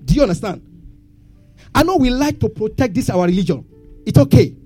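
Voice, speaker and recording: High, animated pastor preaching. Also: male voice, fairly quick, soft background music. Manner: call-and-response questions to congregation. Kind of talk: sermon.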